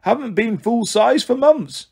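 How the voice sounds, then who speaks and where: A man's voice: very high voice, expressive, a little fast, creaky, darkish tone, breathy edge, voice pushed up, heavily acted. A man voicing a prim, fussy female snake in a storybook reading. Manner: pleading, prim.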